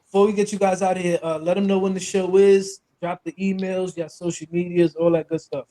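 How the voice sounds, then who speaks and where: A man's voice: sits high, flat delivery, brisk, warm tone, poor audio. A man hosting a podcast, talking in a laid-back, easygoing way. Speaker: podcast host. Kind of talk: casual podcast chat.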